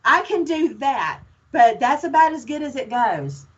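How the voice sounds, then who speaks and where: A woman's voice: sits high, very animated, measured pace, lo-fi sound, slight background noise. A woman from Alabama with a Southern accent, talking as a guest in a casual chat, outspoken and folksy. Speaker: podcast guest, paranormal investigator.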